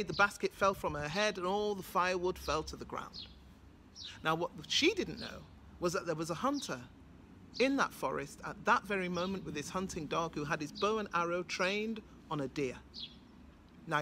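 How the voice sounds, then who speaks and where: A woman's voice: fairly low pitch, a bit bright, a little hiss or hum. A woman from Britain with a British accent, telling a folktale with rhythmic, dramatic repetition. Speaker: storyteller. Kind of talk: oral folktale storytelling.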